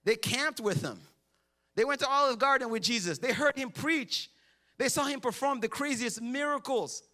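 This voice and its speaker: A man preaching a sermon in church, telling stories with humor and lively, animated delivery. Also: very high voice, moderate pace. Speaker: pastor.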